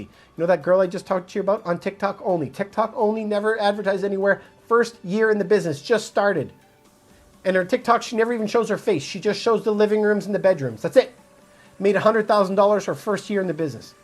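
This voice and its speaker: A realtor from Montreal, Canada, answering viewers' comments on a phone livestream in a direct, casual, motivational way. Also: medium pitch. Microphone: phone mic.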